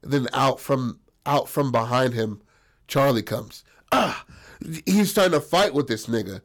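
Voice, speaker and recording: A man telling a story in casual chat, profane and animated, acting out the voices. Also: medium pitch, normal speed.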